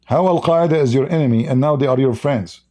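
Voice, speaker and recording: A man talks fast in a mellow, mid-range voice as he runs a live stream. Speaking English as a second language, and brokenly, he reads viewers' chat and responds with heated, blunt mockery.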